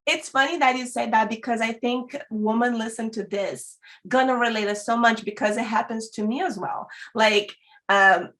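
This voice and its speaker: A woman's voice: a little high, normal speed. A woman guest on a podcast, chatting casually and acting out the voices in her stories, with frequent fillers. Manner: animated storyteller who acts out quoted voices. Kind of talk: casual chat.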